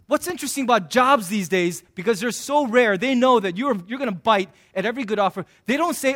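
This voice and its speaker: A man's voice: extremely high pitch, lively intonation, brisk, fairly bright tone. A man preaching a sermon in a conversational, joking way, acting out little scenes between points. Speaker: pastor.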